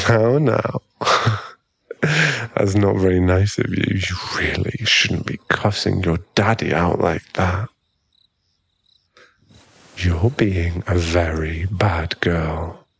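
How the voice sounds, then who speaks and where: A man's voice: low-pitched, very slow, vocal fry, long pauses, a bit bright, husky, dry recording, exaggerated voice. A man voicing a cocky, mocking young male bully in a whispered role-play, with a smug, drawling manner close to the mic. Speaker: ASMR roleplay performer.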